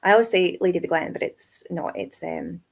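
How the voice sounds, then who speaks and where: A Scottish woman co-hosting a casual whisky chat, chatty and self-mocking, laughing often, with a squeaky voice. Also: fairly quick, vocal fry, darkish tone. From Scotland. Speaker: whisky shop co-host.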